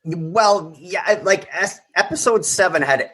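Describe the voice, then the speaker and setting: A man's voice: high-pitched, a little slow, slightly rough. A man hosting a podcast round table, talking in a meandering, casual way. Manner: meandering, lively questions. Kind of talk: casual chat.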